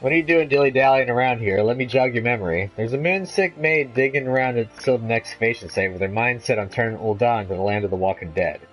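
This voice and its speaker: A bossy, doting mother, as a man puts her on, teasing and ordering people about. The reading sits in a plain low register, with faint game music behind. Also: fast, hardly any pauses, lightly acted, low-quality recording. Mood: scolding. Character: overbearing, doting mother of a grown son.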